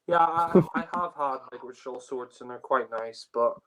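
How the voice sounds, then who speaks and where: Speaking at normal speed with a medium pitch and a fairly bright tone, a male podcast co-host rambles through a casual review of a TV story. He laughs, swears, and leans heavily on filler words.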